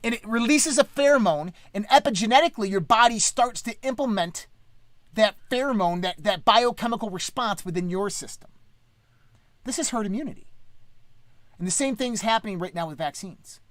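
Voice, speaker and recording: A woman's voice: medium pitch, expressive, normal speed, dry recording. A woman hosting a podcast, ranting in an impassioned, preachy way and swearing freely. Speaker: podcast host. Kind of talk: impassioned casual rant.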